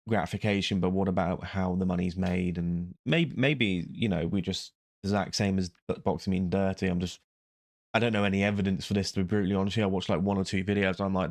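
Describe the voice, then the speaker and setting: A man's voice: low voice, gravelly, no echo. A young man hosting a reaction video, rambling casually with sarcastic, self-mocking asides. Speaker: YouTube reaction host.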